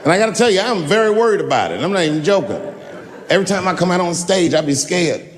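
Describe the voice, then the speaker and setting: A middle-aged man delivers a stand-up set into a handheld mic, his voice sitting a little high and swinging widely in pitch. He leaps into loud, high shouts and drops into low put-on voices, with faint ambient noise behind him. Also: expressive, quick pace, big-room sound. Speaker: stand-up comedian. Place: stage before a live audience.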